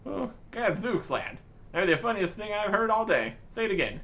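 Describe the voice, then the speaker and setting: A man doing a gruff undead pirate captain. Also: high-pitched, sing-song, normal speed, sharp tone, pitched above the performer's own voice, exaggerated voice. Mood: guffawing. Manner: gruff pirate talk, calls others lad.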